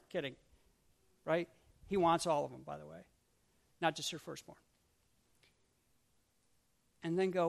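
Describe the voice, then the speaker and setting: A man preaching a sermon as pastor, swinging from urgent repeated questions to hushed prayerful lines and acting out grumbling voices. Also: fairly high pitch, fairly even intonation, measured pace, gravelly, long pauses. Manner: acts out grumbling voices with asides.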